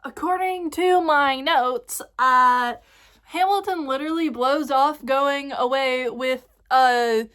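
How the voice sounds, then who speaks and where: A young woman ranting excitedly in a casual fan vlog, rambling with lots of fillers and swearing. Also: high-pitched, slow pace. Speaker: vlogger.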